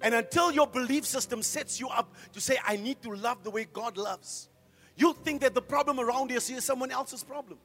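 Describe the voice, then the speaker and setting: High-voiced preacher. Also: male voice, normal speed, faint music behind. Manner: preaching with rhetorical questions, swinging from hushed to loud. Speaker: pastor. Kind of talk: sermon.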